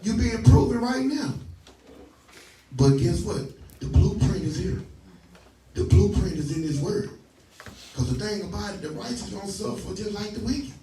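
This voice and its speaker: A man's voice: sits high, animated, moderate pace, long pauses, warm tone, far from the mic, a little hiss or hum. A man leading a scripture study, preaching emphatically, stopping his reader to repeat and question each line and telling folksy stories. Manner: folksy, tells stories with laughs. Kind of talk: call-and-response preaching. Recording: roomy echo, voice from off the mic.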